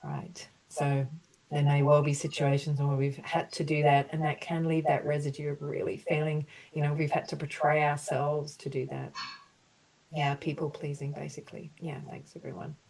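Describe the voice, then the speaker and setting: A woman leading an online group healing session, slowly offering soothing apologies and then explaining in a loose, chatty way. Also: deep voice, level tone, a little mellow, far from the mic, rough recording. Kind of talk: guided emotional healing session.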